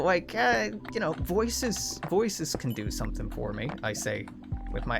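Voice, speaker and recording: A man's voice: fairly high pitch, sing-song, a little slow, gravelly. A young man hosting a gaming video, chatting casually in a sardonic, profane, rambling way over background music. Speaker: gaming channel host.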